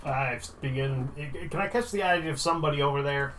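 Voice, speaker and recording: A man's voice: medium pitch, fast, a bit bright, a little hiss or hum. A man playing a tabletop game, casual and matter-of-fact as he speaks for his character. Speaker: player.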